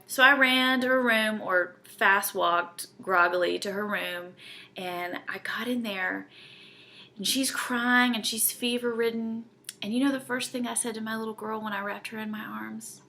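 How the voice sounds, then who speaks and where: A woman's voice: medium pitch, steady tone, moderate pace, bright, forceful tone. A woman, teaching a Bible study in an earnest, conversational way and often checking in with her listeners.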